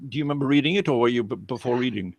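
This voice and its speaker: An older British man joins the chat as a guest, speaking in a dry, wry, measured way. His voice is gravelly with some fry. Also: mid-range voice. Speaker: guest, host's father. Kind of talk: casual chat on a call.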